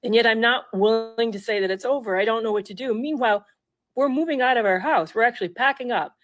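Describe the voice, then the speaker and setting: A middle-aged woman telling a personal story in an earnest, halting way, often restarting her sentences. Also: on the high side, no echo, low-quality recording.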